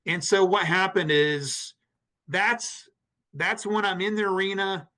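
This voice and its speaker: A man's voice: high voice, steady tone, takes it slowly, pushed and bright. Earnest man retelling a painful story. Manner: earnest, emotional retelling with many restarts and acted quotes. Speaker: podcast guest. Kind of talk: personal storytelling in an interview.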